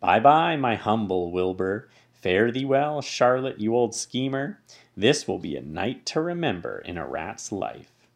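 A man's voice: on the low side, very animated, a little slow, creaky, exaggerated voice. A man voicing a scornful, greedy male rat who talks in a sneering, boastful way.

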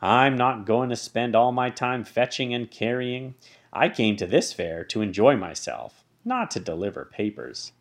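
A man's voice: mid-range voice, expressive, unhurried. A man voicing a scornful, greedy male rat who talks in a sneering, boastful way.

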